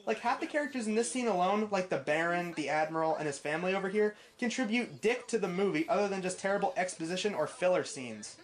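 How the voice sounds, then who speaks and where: Speaking fast and barely pausing, this New York woman mocks a film in a snarky review, her expressive voice on the lower side. Her sarcasm builds into growing exasperation.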